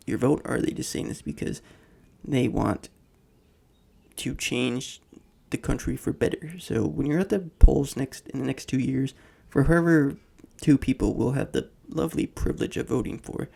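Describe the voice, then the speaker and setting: A man's voice: medium pitch, gravelly, a little mellow, breathy edge. A young man hosting a podcast, talking in a slangy, rambling way full of fillers as he comments on the week's news. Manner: slangy rambling rant, heavy on "like" and "freaking". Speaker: podcast host.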